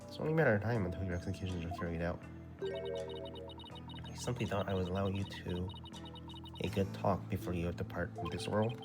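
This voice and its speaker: Haughty girl priestess from a video game, read out flatly by a man. Low voice, game music behind. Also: a little fast, long pauses. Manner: reads game text in a flat voice.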